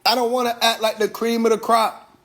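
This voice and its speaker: Very high-voiced and a bit bright, the livestream host delivers his lines flatly and fairly quickly. He's a man preaching through an Instagram Live monologue, leaning on rhetorical questions and profanity.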